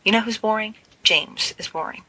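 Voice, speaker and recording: A woman's voice: mid-range voice, normal speed, bright, forceful tone, slightly rough, voice pushed up, rough recording. A woman voicing a brash young man in a storybook reading, with clipped, snappy retorts. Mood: snappish.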